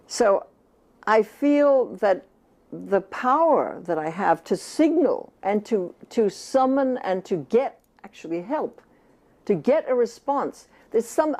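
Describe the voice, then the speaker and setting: Earnest older American woman, mellow voice. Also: a little high. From United States. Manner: earnest, emphatic, often speaks as if she were the baby. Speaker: author and speaker. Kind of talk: reflective talk on child rearing.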